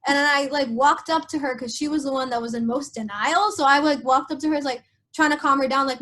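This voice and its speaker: A young woman on a podcast, telling a painful personal story in an emotional, halting way with many fillers. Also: high-pitched, a bit bright. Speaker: podcast host.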